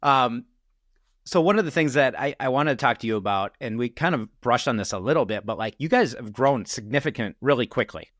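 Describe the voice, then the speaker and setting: A man's voice: medium pitch, expressive, a little fast, fairly bright tone, no room sound, clean studio sound. A man with a Midwestern accent hosting an interview, asking casual, curious questions. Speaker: interview host. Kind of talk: interview conversation.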